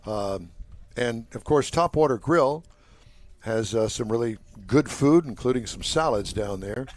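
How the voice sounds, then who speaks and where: A man's voice: mid-range voice, animated, measured pace, darkish tone, a little hiss or hum. Chatty older man hosting live. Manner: chatty, joking, rambling. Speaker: show host. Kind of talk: casual live show chat. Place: outdoor waterfront car show.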